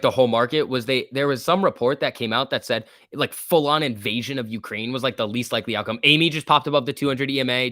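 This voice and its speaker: A man's voice: medium pitch, fairly bright tone. A man hosts a live stock trading stream, commenting casually on price moves and reading viewer questions aloud. His talk is loose and full of fillers like "like" and "um". The sound is dry, with no room echo. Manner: loose and chatty, with many fillers like "like" and "um"; reads viewer questions aloud and answers them. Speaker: stock trading livestream host. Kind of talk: casual live market commentary, answering chat.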